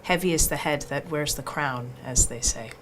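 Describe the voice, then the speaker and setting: Low-voiced woman, measured and thoughtful. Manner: measured, thoughtful, with many fillers. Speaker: actress in a press interview. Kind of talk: measured interview answer. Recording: noisy background.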